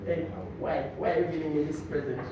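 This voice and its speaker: A man with a Tanzanian accent voicing a complaining girlfriend in a stand-up routine, in a quiet, low, whiny tone. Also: level tone, brisk, noisy background, close to an everyday voice. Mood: sulky. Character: complaining girlfriend, sulky young woman. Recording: echoey distant muffled club recording.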